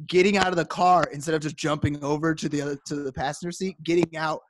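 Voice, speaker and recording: A man's voice: a little high, steady tone, quick pace. A man co-hosting a podcast, telling a story in a casual way and acting out quoted dialogue with animation. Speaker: podcast co-host.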